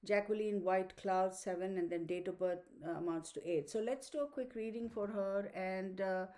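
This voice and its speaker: A woman's voice: medium pitch, normal speed, mellow. A woman tarot reader, talking casually and rambling to her viewers. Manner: rambling, chatty, addresses viewers as y'all. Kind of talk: casual talk to camera.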